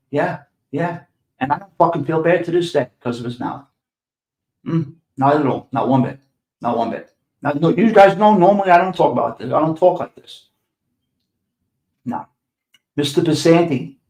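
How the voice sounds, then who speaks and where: In a fairly high, slightly mellow voice, an older man with a New York accent spins street stories on his podcast, bluntly, sarcastically, and with plenty of profanity. He's from New York City, and the room he records in is echoey.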